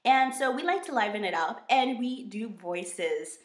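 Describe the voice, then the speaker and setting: A woman with an American accent chatting in a bubbly, expressive way on her book vlog. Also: on the high side, a little slow. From United States. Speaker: book vlogger. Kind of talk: casual vlog chat. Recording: roomy echo.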